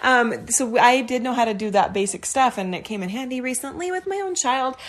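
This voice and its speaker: A middle-aged woman tells a story in casual conversation with a fairly high voice. She is animated and laughs easily, even when the story is tense. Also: brisk. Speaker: podcast co-host.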